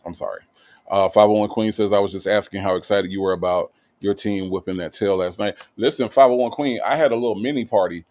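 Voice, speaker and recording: A man's voice: low voice, darkish tone, dry recording. A man hosting a live video-call stream, chatting casually and reading viewer comments, often apologizing and checking in with "okay?". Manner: apologetic, repeats okay and all right a lot. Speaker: host of a true crime live stream.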